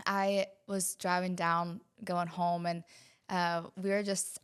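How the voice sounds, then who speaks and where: A woman from West Virginia, a singer-songwriter guest, talking openly and hesitantly with many pauses in a relaxed interview. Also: on the low side. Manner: soft-spoken, open, hesitant with many ums. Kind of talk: casual interview chat.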